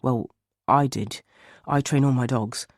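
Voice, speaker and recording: A man's voice: mid-range voice, steady tone, unhurried, dry recording, studio quality, lightly acted. A man voicing a middle-aged male dog handler with a Northern English accent, a defensive witness who hesitates. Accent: Northern English, Leeds.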